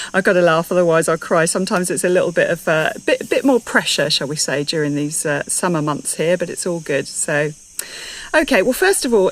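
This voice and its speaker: A woman's voice: on the low side, poor audio. Upbeat woman host, casual live chat outdoors, a touch breathless, keeps quizzing her viewers. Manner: chatty, upbeat, asks viewers many questions. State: slightly out of breath. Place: garden, outdoors.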